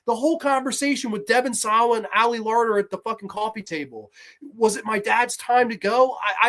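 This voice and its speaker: A woman's voice: a little high, a bit bright. A woman hosting a horror movie review, ranting in a sarcastic, exasperated and heavily profane way.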